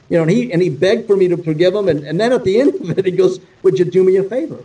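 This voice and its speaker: A male guest guitarist telling stories in a casual, animated, profane way, acting out the dialogue he quotes. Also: high voice, rapid-fire, hardly any pauses, far from the mic, low-quality recording. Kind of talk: casual storytelling.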